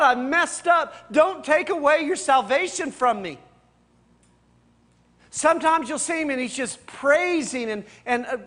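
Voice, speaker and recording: High-voiced pastor teaching Bible study. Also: male voice, pushed and bright. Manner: rhetorical questions, repeats key points; addresses listeners directly and casually.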